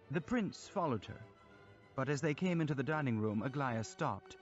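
A man narrates a classic novel in a measured, expressive way. His voice sits at an ordinary pitch, the recording slightly dull, with soft music running underneath. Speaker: audiobook narrator.

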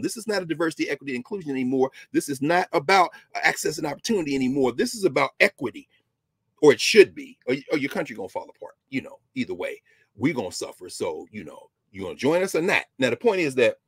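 Man, history lecturer, husky voice, emphatic storytelling, casual asides, dry close sound. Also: on the high side, sing-song, fast, no room sound. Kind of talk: history lecture on a talk show.

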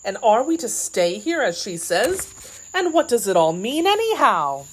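A woman voicing an elderly farm wife who speaks slowly and stammers in a hoarse, frightened tone. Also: fairly high pitch, very animated, a little hiss or hum. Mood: bewildered. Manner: slow, stammering.

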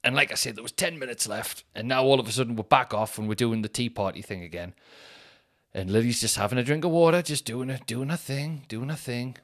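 A man's voice: medium pitch, brisk. A man in his thirties, a podcast host telling a self-mocking comic story with mock outrage. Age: 30s.

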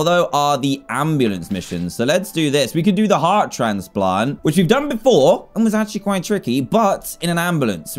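A young man giving excitable gameplay commentary, often exclaiming and laughing. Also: fairly high pitch. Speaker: gaming YouTuber.

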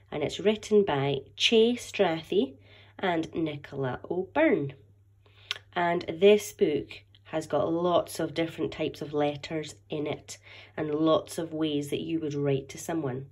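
A woman's voice: low voice, slow pace, darkish tone. A Scottish woman, a primary school teacher, patiently explaining a letter-writing lesson to young children. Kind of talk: online lesson and story read-aloud.

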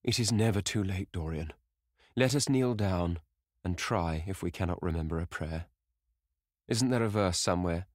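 Man plays a horrified middle-aged male painter, shrill exclamations, close and dry. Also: normal speed, dry recording. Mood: pleading.

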